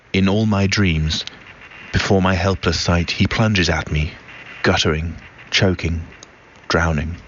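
A man reciting a war poem in a grave, deliberate reading. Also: deep voice. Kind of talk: poetry recitation. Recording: dull recording with faint noise.

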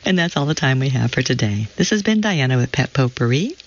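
A woman reading a personal story aloud for an audio reading service, expressive and slowing down over descriptive lists. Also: extremely low pitch. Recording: slightly muffled lo-fi audio.

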